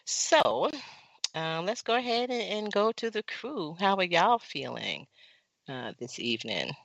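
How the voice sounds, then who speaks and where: A podcast host opening the show and chatting casually, playful and animated. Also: medium pitch, measured pace, creaky, dry recording, rough recording. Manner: lively, playful, jumps between loud and soft.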